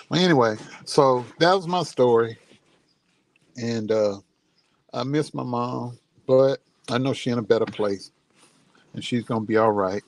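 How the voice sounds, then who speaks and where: A man's voice: medium pitch, unhurried, long pauses. A middle-aged man, a vlogger, telling a personal story in a casual, heartfelt and grieving way, then offering encouragement, speaking outdoors near his home.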